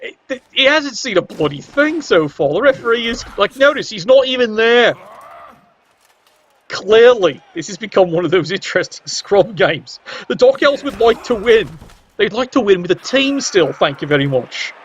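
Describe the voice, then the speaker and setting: A man's voice: high-pitched, big pitch swings, moderate pace, a little hiss or hum. A man giving cheeky match commentary on a video game, full of wry asides and casual swearing. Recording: dull lo-fi sound.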